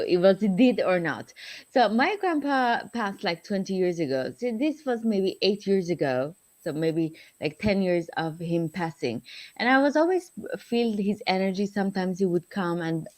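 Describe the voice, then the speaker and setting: A woman's voice: mid-range voice, animated, normal speed, darkish tone. Woman guest with non-native English phrasing. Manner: non-native grammar slips. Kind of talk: telling a personal story.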